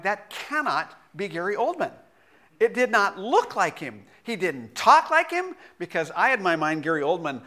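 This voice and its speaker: Male pastor, middle-aged, sermon delivery: animated, voice on the high side, swings between loud and hushed. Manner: animated and self-deprecating, with laughs and repeated restarts.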